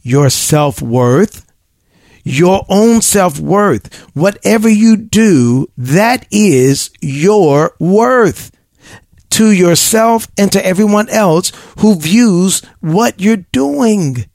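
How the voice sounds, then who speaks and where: Animated, gravelly man giving pep talks. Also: high-pitched, drawn-out words, no room sound, clean studio sound. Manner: preachy, emphatic, laughs often. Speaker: podcast advice host. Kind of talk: motivational advice podcast.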